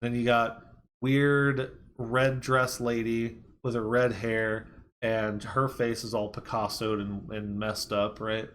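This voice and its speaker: A man's voice: medium pitch, little pitch movement, takes it slowly, fairly bright tone, slight background noise. A man reviewing a movie, casually retelling the plot scene by scene in a rambling way. He quotes the characters conversationally and leans on "like" and "you know.".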